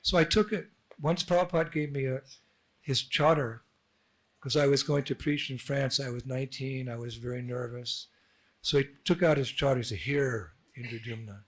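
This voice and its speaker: In a temple hall, a monk gives an informal address, telling anecdotes and acting out the dialogue with laughs. His voice is medium in pitch, a bit bright and slightly rough.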